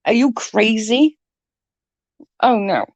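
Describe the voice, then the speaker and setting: A woman's voice: on the high side, animated, takes it slowly, no room sound, highs cut off. A woman, congested from hay fever, chatting casually with her livestream viewers and reading out their comments, swearing freely and giggling. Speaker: livestream host reading chat. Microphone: close computer mic.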